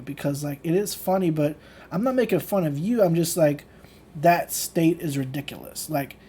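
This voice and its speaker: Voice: mid-range voice, warm tone. A channel host giving a casual livestream rant, blunt and profane, loose and conversational with lots of fillers. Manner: laughs between points. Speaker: channel host teaching manifestation.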